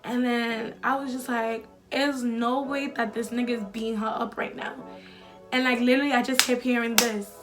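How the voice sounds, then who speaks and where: A young woman tells a storytime, with a fairly high voice and loose, slangy talk packed with filler likes and swearing. Faint music plays under her. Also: level tone, moderate pace. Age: young adult. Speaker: vlogger. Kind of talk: casual storytime.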